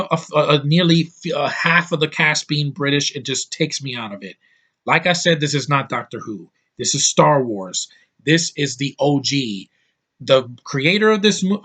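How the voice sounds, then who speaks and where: A man's voice: fairly high pitch, fairly bright tone. An American man giving an opinionated, casual rant to his viewers. He is emphatic and often stumbles and restarts mid-sentence. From United States. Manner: opinionated, emphatic, quick to dismiss things; frequent restarts and stammering. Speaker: vlogger.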